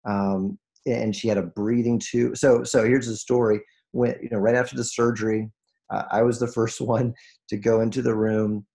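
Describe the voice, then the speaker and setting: Earnest man with a gravelly voice. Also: on the low side, level tone, normal speed, dark tone. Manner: earnest, emotional, many restarts, voice rises when moved. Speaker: guest speaker on a group call. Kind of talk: heartfelt motivational talk.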